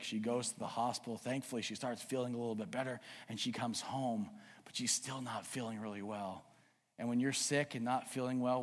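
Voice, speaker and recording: Earnest preacher in a reverberant hall. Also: male voice, medium pitch. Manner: earnest, urging and animated storytelling. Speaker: pastor. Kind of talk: sermon.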